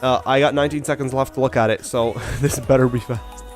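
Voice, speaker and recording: Fast-talking male streamer, faint beats behind. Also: mid-range voice, steady tone, faint music behind. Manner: fast-talking, chatty, self-deprecating. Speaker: live streamer. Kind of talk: casual live-stream chat. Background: faint background beats.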